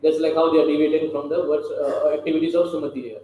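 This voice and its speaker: A man's voice: fairly high pitch, little pitch movement, quick pace, narrow, tinny audio. A man giving a scripture lecture in a conversational way, often checking with listeners through rhetorical questions. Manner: conversational, keeps asking the audience rhetorical questions. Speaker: scripture class speaker. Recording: very echoey room with faint noise.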